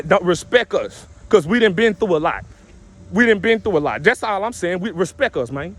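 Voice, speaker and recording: A man's voice: on the high side, fairly bright tone. A man vlogging a casual rant to his viewers, repetitive and full of street slang.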